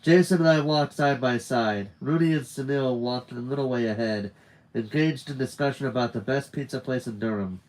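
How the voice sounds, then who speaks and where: A man's voice: mid-range voice, moderate pace, a little mellow, low-quality recording. A man reading a novel aloud, with occasional stumbles and restarts. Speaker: reader.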